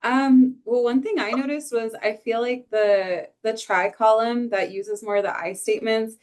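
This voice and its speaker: A woman's voice: on the high side, steady tone, moderate pace, a little mellow. A woman in a workshop who answers thoughtfully, hedging often with "like". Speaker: workshop participant. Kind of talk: casual group discussion.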